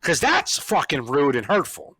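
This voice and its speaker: Male podcast host, comedian, bright edge, dry close sound, profane storyteller. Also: fairly high pitch, huge pitch swings, unhurried, breathy edge, no room sound. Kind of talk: casual chat.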